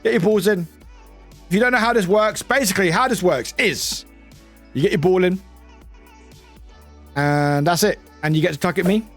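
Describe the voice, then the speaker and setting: A man's voice: high voice, moderate pace, long pauses, a bit bright, soft background music. A British man streaming live, chatting casually with viewers, swearing freely and laughing often.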